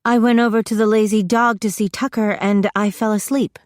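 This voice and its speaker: A woman narrator voicing an upset, defiant teenage girl who pleads in a raised, higher voice. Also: fairly even intonation, fairly quick, dry recording, studio quality, close to an everyday voice. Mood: pleading.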